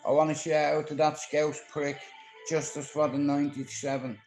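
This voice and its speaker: A man's voice: fairly high pitch, flat delivery, normal speed, darkish tone, echoey room, soft background music, low-quality recording. Profane Dublin man ranting on a livestream. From Ireland. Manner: profane, confrontational, storytelling. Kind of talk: rambling live-stream monologue.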